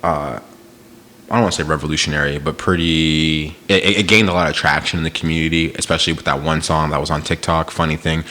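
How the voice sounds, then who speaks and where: A man's voice: extremely low pitch, steady tone, fast, sharp tone. A man hosting a podcast, chatting casually about new music in a laid-back, rambling way with plenty of slang and filler. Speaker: podcast host.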